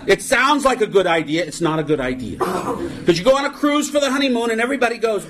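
A middle-aged man speaking at a recovery meeting tells wry, self-mocking stories for comic effect to a live audience, saying "you know" a lot. His voice sits high with lively intonation and a fairly bright tone, and he moves at a quick pace.

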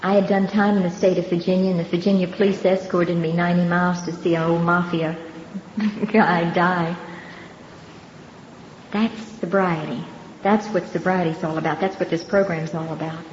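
An older woman giving her personal testimony at a recovery meeting, telling her story earnestly and unhurriedly with pauses and soft laughs. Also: lowish voice, steady tone. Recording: dull, roomy hall recording with faint background noise.

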